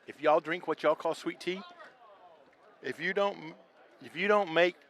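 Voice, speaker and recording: A man's voice: on the high side, measured pace, fairly bright tone, a little hiss or hum. A man with a Texan accent doing color commentary, telling stories in a folksy, drawling way while commentating outdoors at a paintball field. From Texas. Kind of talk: live sports commentary banter.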